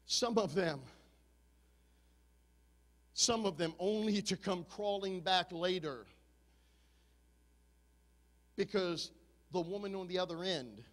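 High-voiced preacher in his fifties. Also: in a large hall. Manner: impassioned, swings from shouting to low confiding talk. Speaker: pastor. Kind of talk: sermon.

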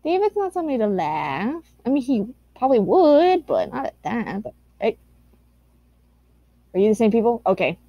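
A woman's voice: a little high, sing-song, normal speed, warm tone, no echo, lo-fi sound. A woman giving casual commentary on fan art, gushing and cooing with some casual swearing. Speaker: YouTuber reacting to fan art.

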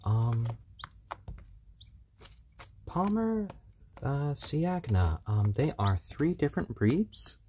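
A man chatting on a live stream in a calm, soothing way, often talking gently to baby chicks. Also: mid-range voice, very slow, long pauses, a little hiss or hum. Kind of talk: casual live-stream chat. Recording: chirping baby chicks behind.

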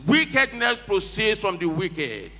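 A man's voice: high voice, big pitch swings, unhurried, pushed and bright. A man preaching a sermon, emphatically retelling each verse in plain words and urging the reader to go on, in a church with long echoes. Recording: echoey hall with long reverb.

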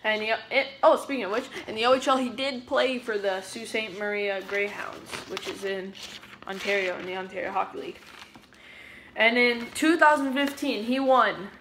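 A woman's voice: medium pitch, normal speed, a bit bright, a little hiss or hum. A woman giving a casual fan presentation as a vlogger, chatty and digressive, stopping often to explain terms. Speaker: vlogger presenting a hockey player.

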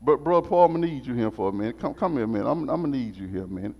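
A man teaching a Sunday school lesson as a sermon, animated and repetitive in a call-and-response style. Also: medium pitch, rapid-fire, creaky. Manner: animated, call-and-response preaching, repeats phrases. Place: church sanctuary. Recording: muffled sound in a reverberant church.

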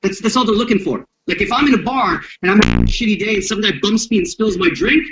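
Against a noisy background and on dull lo-fi audio, a man with a high voice talks fast in an interview as a self-defense instructor. His explanation of violence is blunt and profane, and he acts out street confrontations along the way.

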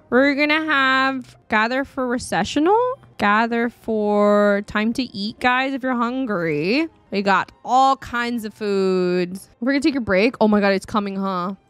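A woman gaming YouTuber giving casual, chatty let's-play commentary at her desk mic, excitable and often laughing. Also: on the high side, dry recording. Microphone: studio desk mic.

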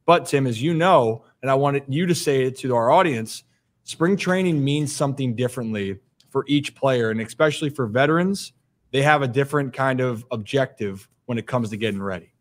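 A man's voice: medium pitch, moderate pace. A man hosting a sports podcast, asking long, rambling questions of his guest in casual talk. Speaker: podcast host. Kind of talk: casual interview.

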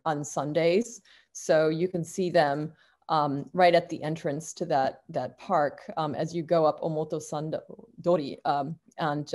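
A woman's voice: sits low, a little mellow. A woman giving a university lecture, talking without a script, with frequent fillers and restarts.

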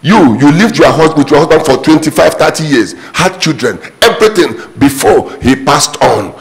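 Lively, emphatic male preacher. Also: a little high, moderate pace, gravelly, hardly any pauses, slight background noise, poor audio. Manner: emphatic, repetitive preaching with sudden rising exclamations. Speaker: pastor. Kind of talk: sermon.

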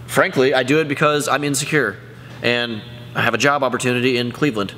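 A man's voice: medium pitch, steady tone, fast talker, sharp tone, slight background noise. A young man who vlogs, rambling goofily and tripping over his own words in casual bloopers. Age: young adult. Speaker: YouTuber.

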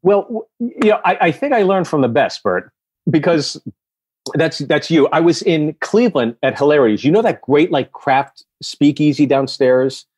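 A man's voice: fairly high pitch, expressive, moderate pace, darkish tone, breathy edge, dry recording. A man appearing as a podcast guest, telling bar stories in casual chat, swearing freely and laughing often.

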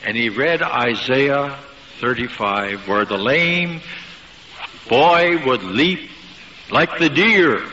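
A man preaching a sermon, telling stories emphatically with dramatic pauses. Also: mid-range voice, lively intonation, sharp tone, slight background noise. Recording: dull lo-fi recording with long hall reverb.

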